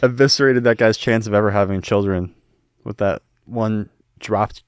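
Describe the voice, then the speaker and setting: A man's voice: on the low side, fairly even intonation, normal speed, smooth, dry recording, studio quality. A man co-hosting a podcast, joking crudely and animatedly while recapping a movie. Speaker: podcast co-host. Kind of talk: casual movie-recap chat.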